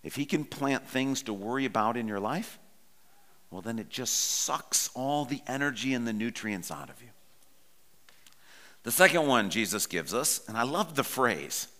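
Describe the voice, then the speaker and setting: A man's voice: mid-range voice, a bit bright, in a large hall. A pastor in his forties preaching a sermon in a conversational, personal storytelling way.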